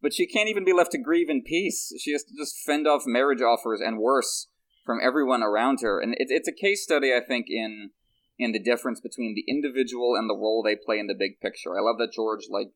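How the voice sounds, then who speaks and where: Brief: male podcast co-host, quick delivery, middle pitch, chatty and analytical. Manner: fast, animated, restarts. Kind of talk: casual analytical chat.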